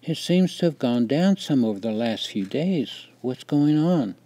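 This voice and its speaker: A man voicing a gentle, concerned female teacher who speaks softly. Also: medium pitch, lively intonation, measured pace, no echo, voice pushed up. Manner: soft, careful.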